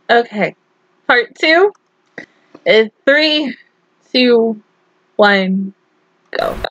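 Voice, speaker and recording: A woman's voice: a little high, lively intonation, very slow, long pauses, a bit bright, no echo, highs cut off. A young woman reacting to an anime film, teary and sore-throated from crying, exclaiming, laughing through tears and swearing. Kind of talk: emotional reaction commentary.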